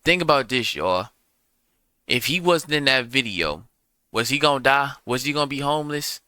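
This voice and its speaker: A man's voice: mid-range voice, animated, moderate pace, sharp tone, no room sound. Blunt, profane man reacting, dry close sound. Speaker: reaction video host. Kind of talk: reaction commentary.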